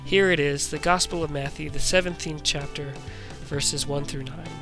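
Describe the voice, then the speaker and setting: A man's voice: a little high, steady tone, normal speed. Male pastor, sermon, chatty with restarts, roomy echo, faint music behind. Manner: conversational with frequent ums and restarts.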